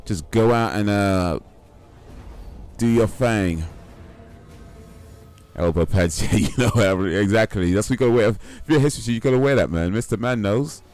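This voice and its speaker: A man's voice: fairly low pitch, normal speed, pauses often, a little mellow, soft background music. A young man chatting casually while streaming a game, in a rambling, laid-back, slangy way. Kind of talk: casual live-stream chat while gaming.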